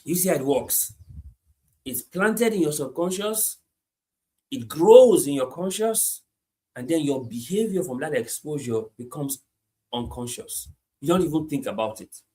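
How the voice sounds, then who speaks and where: Emphatic preacher man, fairly high voice. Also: expressive, measured pace. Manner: repetitive, emphatic, swings from hushed to shouting. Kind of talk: sermon.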